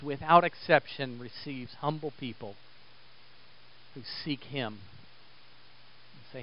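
A man preaching a sermon, swinging between loud, emphatic exhortation and quiet, intense stretches. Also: medium pitch, takes it slowly, pauses often, highs cut off. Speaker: pastor.

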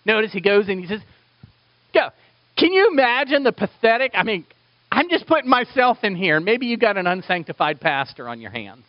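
Male pastor, animated sermon, lively pitch, dull lo-fi recording. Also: normal speed, dry recording. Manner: animated preaching, acts out quoted voices.

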